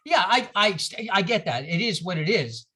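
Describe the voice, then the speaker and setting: A minister leading a conversational Bible study, animated and full of rhetorical questions put to the group. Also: medium pitch, normal speed, breathy edge. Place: church gathering.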